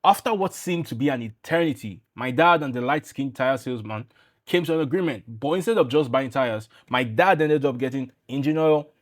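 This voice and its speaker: A man's voice: medium pitch, fairly quick. A man talking to camera as a YouTube growth coach in a business explainer, casual and emphatic, with blunt asides.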